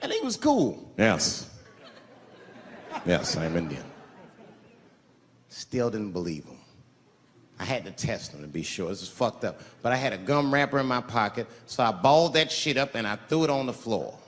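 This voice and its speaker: A male stand-up comedian telling stories live, animated and leaping into high shouted punchlines. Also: fairly quick. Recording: live hall with long reverb, faint noise.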